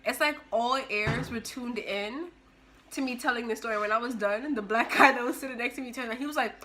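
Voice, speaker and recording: A young woman telling a personal story in a casual, animated way, with sudden bursts of loudness. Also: a little high, quick pace, slight background noise. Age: young adult. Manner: animated, expressive, with big jumps in loudness.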